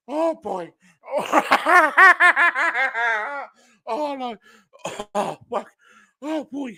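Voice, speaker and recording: A woman's voice: a little high, pushed and bright, dry recording, studio quality. A woman reacting to a clip, laughing and muttering swear words. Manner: laughs a lot and swears under her breath. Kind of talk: reaction commentary.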